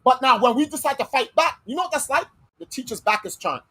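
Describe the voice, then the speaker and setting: A woman's voice: sits high, animated, fast, a bit bright, breathy edge, low-quality recording. A woman hosting a podcast in casual chat, talking bluntly and heatedly with plenty of swearing. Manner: heated, blunt and profane, arguing a point. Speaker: podcast host.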